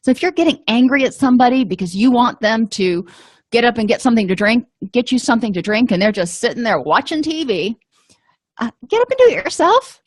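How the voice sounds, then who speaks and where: A middle-aged woman calmly explaining anger management tips in a casual talk, with frequent pauses and fillers. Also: fairly high pitch, no room sound, studio quality. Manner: calm, explanatory, with frequent ums and you-knows. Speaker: vlogger giving advice.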